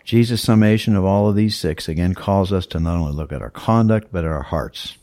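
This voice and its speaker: Low-voiced man preaching a sermon. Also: fairly quick, mellow, no room sound, clean studio sound. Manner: teacherly, emphatic, walks through scripture verse by verse. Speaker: pastor.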